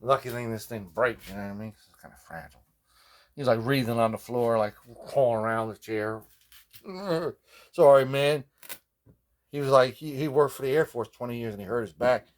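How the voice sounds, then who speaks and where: A man's voice: mid-range voice, brisk. A man who builds guitars, casually telling long rambling stories, constantly checking in with his listener. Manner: rambling, digressive, constant "you know what I mean". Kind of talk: casual rambling storytelling vlog.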